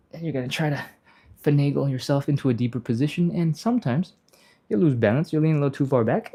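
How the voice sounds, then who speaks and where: A man hosting a live stretching class, explaining each step casually, answering chat and laughing often, sometimes yelping in a high panicky voice to act out fear. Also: warm tone. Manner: acts out panicky inner voices in a high yelp. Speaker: stretching instructor, live stream host. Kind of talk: live-streamed workout instruction, reading chat.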